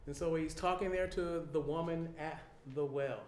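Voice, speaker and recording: A man preaching a sermon in an animated way, acting out people's reactions and repeating his key lines. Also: on the high side, normal speed, slight background noise. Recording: echoey room.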